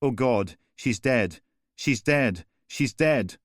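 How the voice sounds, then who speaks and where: A man performs a frightened young woman crying out desperately, screaming in a mid-range, animated voice raised above his own pitch. The acting is light and the pace moderate. It's a dry, studio-quality recording.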